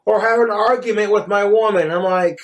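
A man's voice: sits high, fairly quick. A man from Wyoming rambling through profane jokes on a comedic livestream monologue. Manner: profane, rambling joke-telling.

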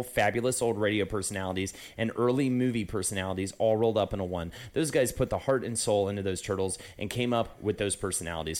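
A man's voice: on the low side, a little mellow. Laid-back man chatting on a podcast. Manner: chatty, loose, swears, lots of fillers. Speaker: podcast co-host. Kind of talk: casual chat.

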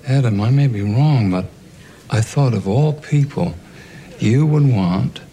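An actor playing an earnest, troubled prosecutor in a TV drama. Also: male voice, mid-range voice, unhurried, dark tone, natural voice. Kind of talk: TV drama acting.

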